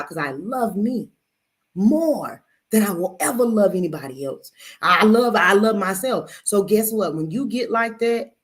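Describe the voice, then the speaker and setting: Middle-aged woman, tarot host, sassy and blunt live-stream chat, mid-range voice. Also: mid-range voice. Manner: sassy, blunt and swearing, calls listeners baby. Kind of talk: casual live-stream talk.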